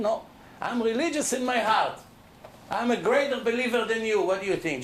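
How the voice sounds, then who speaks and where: A middle-aged rabbi delivers a lively Torah lecture before a live audience, speaking with emphasis and firing questions at his listeners. His male voice runs somewhat high, with slight background noise.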